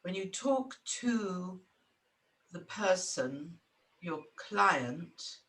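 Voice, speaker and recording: A woman's voice: fairly low pitch, animated, very slow, a bit bright. A woman trainee asking careful questions and giving feedback in a training session.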